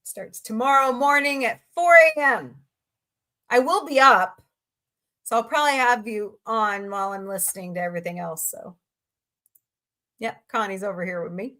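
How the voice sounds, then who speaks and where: A woman's voice: fairly high pitch, moderate pace, long pauses, pushed and bright. Middle-aged woman streamer, loose and talkative, chats back to her viewers. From Southwest Missouri, USA. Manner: chatty, rambling, answering chat messages. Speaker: livestream host. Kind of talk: casual livestream chat.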